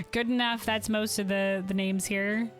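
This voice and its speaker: A woman's voice: mid-range voice, fairly even intonation, takes it slowly, soft background music. A woman streamer chatting casually over her gameplay, giggly and self-deprecating.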